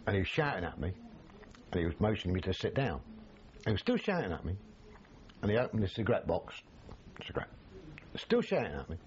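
An older man, recalling his army days in an animated, storytelling way, full of restarts. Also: low-pitched, brisk, long pauses, muffled recording. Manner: animated, acts out quoted voices, frequent restarts. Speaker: army veteran interviewee. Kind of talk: storytelling reminiscence.

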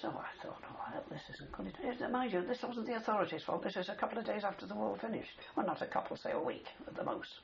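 A veteran's high voice carries vocal fry as he tells a long war story at a quick pace with few pauses, rambling and closing sentences with "you see." The interview comes from a dull old recording with faint hiss.

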